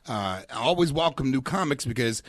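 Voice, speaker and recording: A man in his forties, a stand-up comic guest on a podcast, talking in an animated, profane way with frequent laughs and repeated words. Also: medium pitch, fairly quick, no room sound. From Pittsburgh area. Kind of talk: casual chat.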